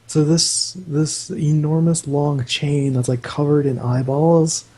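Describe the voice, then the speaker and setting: A man narrates a tabletop game as its game master, rambling loosely from detail to detail. His delivery is unhurried and drawn out, with a husky edge. The tone is dark and mellow. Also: on the high side, little pitch movement, low-quality recording. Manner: loose, meandering, full of "like" fillers.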